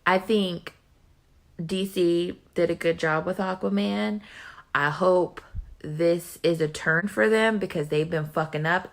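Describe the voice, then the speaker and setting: Young woman, vlogger, casual movie rant, excitable, lots of swearing, lowish voice. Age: young adult. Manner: excitable, profane, gushing.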